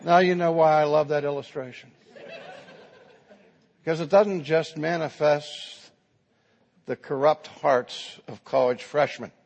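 A man's voice: a little high, steady tone, measured pace, pauses often, darkish tone. A man preaching a sermon, telling a story in a dramatic, emphatic way. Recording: long hall reverb.

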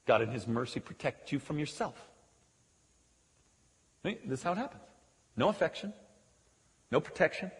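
A man preaching a sermon as pastor, emphatic, moving from loud declarations to quiet conversational asides. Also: mid-range voice. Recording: long hall reverb.

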